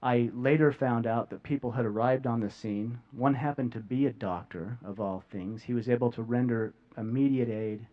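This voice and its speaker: A man giving an emotional talk to a live audience, earnest and heartfelt, often halting with repeated words and long pauses. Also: medium pitch, fairly even intonation, phone-quality sound. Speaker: speaker sharing a near-death experience. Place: stage before a live audience.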